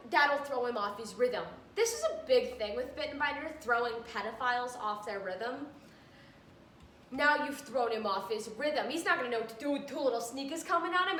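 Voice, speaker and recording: A woman performing a stand-up comedy routine, animated and jumping between character voices. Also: sits high, slight background noise. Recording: echoey room, mic far off.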